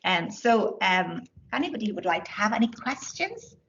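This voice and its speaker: A woman's voice: mid-range voice, very animated, moderate pace, highs cut off, noisy background. Hesitant woman giving a lecture. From Ireland. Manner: hesitant, many fillers and restarts. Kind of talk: academic talk with audience questions. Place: lecture room.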